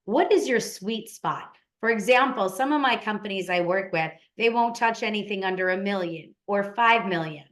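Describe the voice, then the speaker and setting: A woman's voice: medium pitch, moderate pace, hardly any pauses, a bit bright. A woman hosting an interview, speaking emphatically and with enthusiasm. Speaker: interview host. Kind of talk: casual interview talk.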